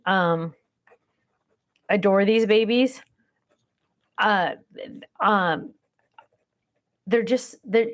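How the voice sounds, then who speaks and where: A middle-aged woman chats casually on a livestream, wandering from story to story and stopping to read viewer comments aloud. Her voice sits at an ordinary middle pitch. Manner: chatty, rambling, reads viewer comments aloud. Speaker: livestream host.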